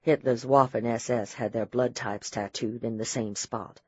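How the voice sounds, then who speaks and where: A man narrating an audiobook voices a tense, guarded young woman held hostage, speaking low and probing, on dry audio. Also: fairly even intonation, normal speed, husky, dry recording, muffled recording, natural voice. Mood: explaining.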